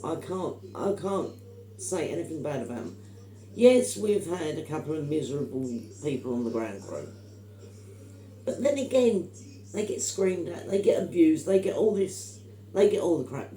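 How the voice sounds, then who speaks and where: A woman's voice: fairly low pitch, sing-song, measured pace, mellow, roomy sound, a little hiss or hum, poor audio. A middle-aged woman, telling stories in casual chat, emphatic and opinionated. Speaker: vlogger.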